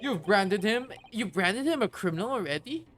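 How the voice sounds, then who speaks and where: A woman's voice: mid-range voice, lively intonation, moderate pace, voice pushed up, lightly acted. A woman voicing an earnest, somewhat hesitant young male defense lawyer. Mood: startled.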